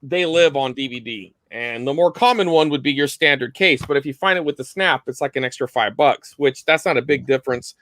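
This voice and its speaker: A man's voice: mid-range voice, brisk, hardly any pauses, fairly bright tone, no echo. A man co-hosting a live online collecting chat, talking casually and rambling with lots of fillers over a video call. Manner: rambling, loose, many fillers.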